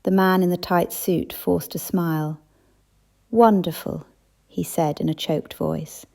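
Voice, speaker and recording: A woman narrating a cozy mystery audiobook, giving the characters small lifts in pitch. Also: flat delivery, unhurried, creaky, dark tone. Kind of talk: scripted narration.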